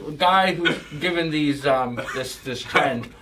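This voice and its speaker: Young dude arguing football picks, repeats himself, sounds a bit away from the mic. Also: male voice, fairly high pitch, measured pace, far from the mic, background noise. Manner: repetitive, argumentative banter. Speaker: podcast co-host. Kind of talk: casual sports betting chat.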